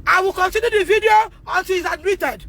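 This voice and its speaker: In a self-recorded phone video, a Nigerian mother pleads in distress, repeating herself and bursting into shouts. She speaks briskly in a very high, gravelly voice.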